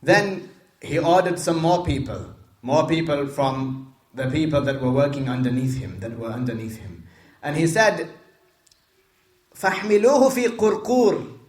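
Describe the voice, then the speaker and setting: A man's voice: mid-range voice, moderate pace. Man retelling a religious story in an echoey room. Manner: repeats phrases and explains Arabic terms; asks listeners questions. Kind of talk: retelling a hadith story to listeners. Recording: roomy echo.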